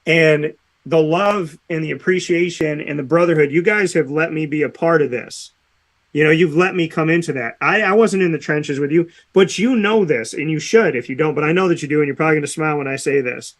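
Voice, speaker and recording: A man's voice: fairly high pitch, fairly quick. A man hosting a sports radio show, telling stories in casual chat and acting out quotes with animation. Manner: animated storyteller, acts out quotes. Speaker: radio host.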